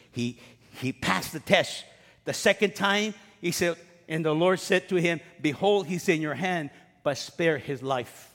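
A high-pitched man delivers a sermon, retelling stories with playful asides and repeating names twice for weight. His voice carries a long reverb tail, as if filling a large church sanctuary. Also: fairly bright tone. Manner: storytelling with humorous asides, repeating names for emphasis. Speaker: pastor.

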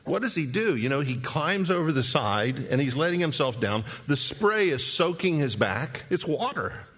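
Animated male preacher telling a story. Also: on the high side, moderate pace, slightly rough. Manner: animated storytelling, acting out scenes with rhetorical questions. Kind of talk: sermon.

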